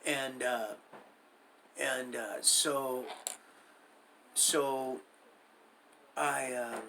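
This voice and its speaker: Man with a bright, rambling storyteller voice. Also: medium pitch, steady tone, very slow, slight background noise, poor audio. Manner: rambling, full of restarts and acted-out quoted dialogue; streetwise, slangy talk. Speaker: livestreamer telling his life story. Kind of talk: casual spoken storytelling.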